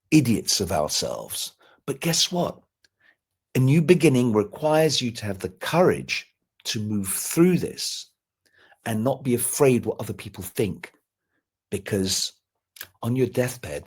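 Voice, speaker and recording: A man's voice: mid-range voice, breathy edge. A man talking in a live stream conversation, earnest and motivational, often repeating words as he builds up. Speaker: guest speaker.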